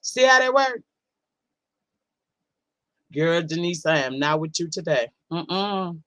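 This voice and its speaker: A woman's voice: on the low side, big pitch swings, slow, a bit bright, dry recording. A woman hosting a casual livestream, reading out chat comments in a blunt, profane, sassy way and drawling words for emphasis. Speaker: livestream host.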